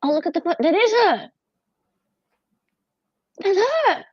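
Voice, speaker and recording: Animated woman for casual stream chat, very bouncy pitch, dry close recording. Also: slow pace, no room sound. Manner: chatty, animated storyteller with laughs. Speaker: stream co-host. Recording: dull dry lo-fi sound.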